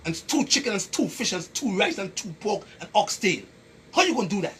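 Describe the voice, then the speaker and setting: Speaking in a Caribbean accent, a male health educator delivers an emphatic, preachy talk on health to an audience, going over his points again and questioning the people listening. His high voice is sing-song, bright and forceful, a little fast, with a little hiss or hum on the audio.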